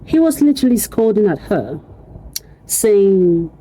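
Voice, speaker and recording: On a rough recording, a woman speaks at a measured pace in a medium-pitched voice, giving casual commentary to her viewers. She keeps exclaiming, laughs a lot and repeats the same phrases repeatedly, all in an animated way.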